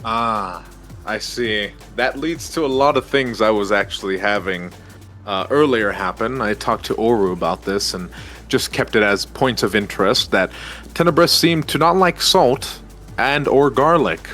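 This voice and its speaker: A man playing a calm, blindfolded roleplay character who asks questions in a slow, thoughtful way. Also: on the low side, soft background music. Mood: curious.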